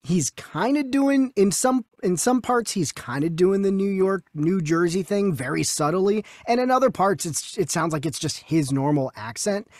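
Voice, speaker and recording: A man co-hosting a casual movie news podcast, talking in an animated way with frequent restarts. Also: high voice, normal speed, hardly any pauses, dry recording, clean studio sound. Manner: animated, many restarts and quoted voices. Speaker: podcast co-host.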